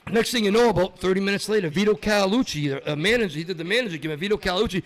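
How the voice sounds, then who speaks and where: Animated high-voiced man telling stories. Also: rapid-fire. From Massachusetts. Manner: animated storyteller, acts out other people's voices. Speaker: podcast guest. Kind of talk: storytelling in a casual chat.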